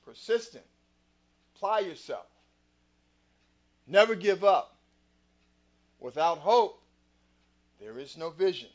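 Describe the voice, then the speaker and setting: Preachy motivational host, fairly high voice. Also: male voice, big pitch swings, slow pace, long pauses. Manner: preacher-like, rhetorical questions, quotes scripture. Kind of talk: motivational talk. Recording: dull lo-fi sound.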